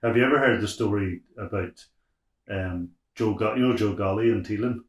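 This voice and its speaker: A man's voice: on the low side, a little fast. A man interviewing a relative in casual chat, prompting and laughing through anecdotes. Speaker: interviewer, family member. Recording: roomy echo.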